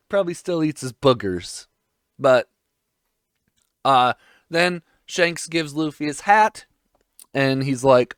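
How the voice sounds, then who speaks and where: A man's voice: fairly high pitch, measured pace, a bit bright, smooth, no room sound, studio quality. A man in his twenties giving a casual episode recap, rambling with irreverent, crude jokes. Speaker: vlogger.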